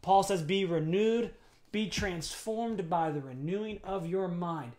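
A man with a high-pitched voice delivers a sermon as pastor. He builds to forceful, emphatic peaks and throws rhetorical questions at the congregation. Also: measured pace.

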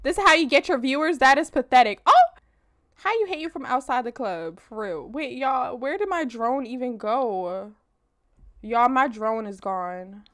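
A woman hosting a let's play, giving animated, casual gameplay commentary straight to her viewers and swearing freely. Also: high-pitched, normal speed, dry recording.

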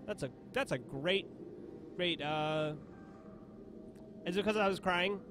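High-voiced playful young man gaming. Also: takes it slowly, long pauses, a bit bright, soft background music. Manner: playful, giggly, reads game dialogue aloud in put-on voices. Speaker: let's play host. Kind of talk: casual gameplay commentary.

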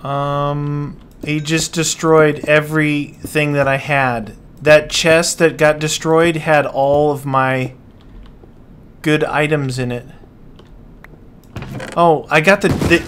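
A gaming channel host gives casual let's-play commentary, speaking slowly in a slightly high, somewhat bright voice. He sounds dismayed, repeatedly exclaiming and muttering to himself while playing, with slight background noise.

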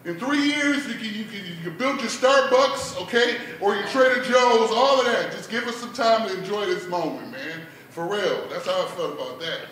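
A man with a high, bright voice does a relaxed open-mic stand-up set, leaning on "like" and "man" as he talks. The sound bounces around a very echoey bar room, and he is heard from some distance off the mic. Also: normal speed, few pauses, a little hiss or hum. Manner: laid-back, peppers lines with "man" and "like".

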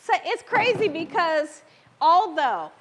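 A woman's voice: very high-pitched, very animated, takes it slowly, fairly bright tone, slight background noise. A woman hosting a live cooking stream, chatting with viewers and reading their comments, her voice a little worn. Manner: chatty, laughs often, reads viewer comments aloud. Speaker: cooking show host. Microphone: wearing a microphone.

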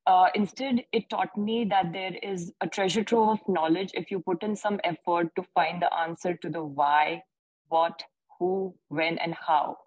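Husky-voiced woman designer on a panel. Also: fairly low pitch, steady tone, a little slow, darkish tone, dry recording, lo-fi sound. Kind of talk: online panel answer.

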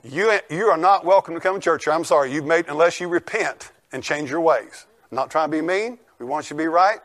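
An older male pastor, preaching a folksy, emphatic sermon that rises to shouts. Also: fairly high pitch, a little fast. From United States.

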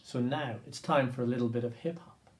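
A man's voice: mid-range voice, fairly quick. A man leading an interactive percussion class for children, upbeat and coaxing, counting beats aloud for listeners to copy. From Ireland. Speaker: drumming teacher.

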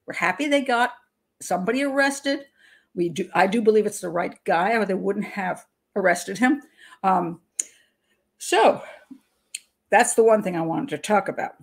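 An older woman hosting her channel, giving frank, opinionated commentary on a criminal investigation. She talks through restarts and laughs between points. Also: mid-range voice. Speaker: criminal profiler, channel host. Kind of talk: casual commentary monologue.

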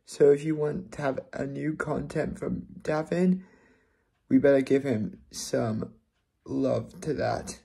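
Upset young man, slow and gravelly. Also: mid-range voice, mellow. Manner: repetitive, halting, keeps restating himself. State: upset, close to tears. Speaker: fan channel vlogger. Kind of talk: casual vlog to camera.

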